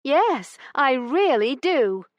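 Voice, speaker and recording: A woman voicing an indignant, quick-tempered young noblewoman with sharp retorts in an audiobook. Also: high voice, very animated, dry recording, muffled recording, pitched above the performer's own voice, exaggerated voice. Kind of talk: audiobook character reading.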